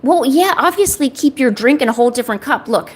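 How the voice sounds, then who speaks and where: A woman's voice: on the high side, animated, fast talker, breathy edge. Rambling self-deprecating young woman streamer. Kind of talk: casual chat while drawing.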